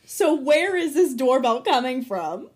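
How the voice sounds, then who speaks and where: A woman's voice: high voice, very animated, measured pace, a little mellow, slightly rough. A young woman co-hosting a casual rewatch podcast, playful and giggly, often breaking into laughter. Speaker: podcast co-host.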